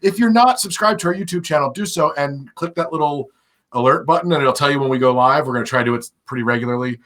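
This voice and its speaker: A man's voice: a little high, fast talker, fairly bright tone. A man hosting a casual podcast chat, chatty and hedging his words. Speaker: podcast host.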